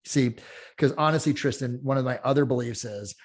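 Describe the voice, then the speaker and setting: A middle-aged man, a real estate coach, talking in a casual podcast chat, energetic and blunt, acting out quotes as he tells stories. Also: medium pitch, brisk. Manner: energetic storyteller, swearing, acts out quotes.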